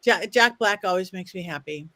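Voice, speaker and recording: A woman co-hosting a podcast, adding quick upbeat asides to the chat. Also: fairly low pitch, bright, forceful tone, dry recording. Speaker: podcast co-host. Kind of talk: casual chat.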